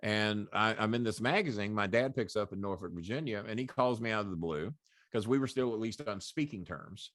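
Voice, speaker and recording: A blunt middle-aged man from the American South spins long personal tales in loose, profane talk, laughing along the way. His voice sits on the low side. The sound is close and dry, with no room around it. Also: brisk, fairly bright tone, no room sound. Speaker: guest. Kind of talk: casual storytelling. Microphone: podcast call.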